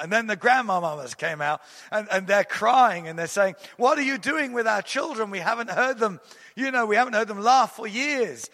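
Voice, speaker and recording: High, bright-voiced preacher in a reverberant hall. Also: male voice. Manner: emphatic, swelling to loud declarations; storytelling with restarts. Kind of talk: sermon.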